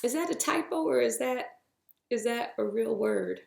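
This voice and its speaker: A woman's voice: on the high side, animated, normal speed, gravelly. A woman hosting a spiritual podcast, talking in a chatty, playful way and tossing in pet names as she goes. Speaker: podcast host. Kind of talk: casual spiritual podcast monologue. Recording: roomy echo.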